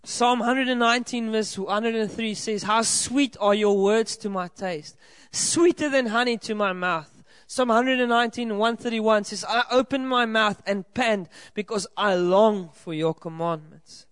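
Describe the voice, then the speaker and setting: This pastor from South Africa has a voice that sits high, with a fairly bright, smooth tone, and he takes his time. He preaches to a church hall congregation, addressing them directly in an earnest, encouraging manner. The recording is dry.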